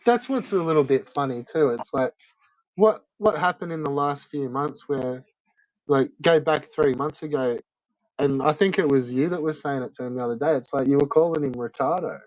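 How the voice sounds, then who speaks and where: A man's voice: a little high, normal speed, darkish tone, no room sound, lo-fi sound. A man streamer in casual chat, laid-back and rambling, with casual swearing.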